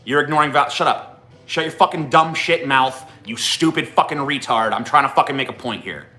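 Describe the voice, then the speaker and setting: A man's voice: medium pitch, a little fast, pushed and bright, soft background music. A man hosting a livestream, ranting profanely and combatively at his chat. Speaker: livestream host.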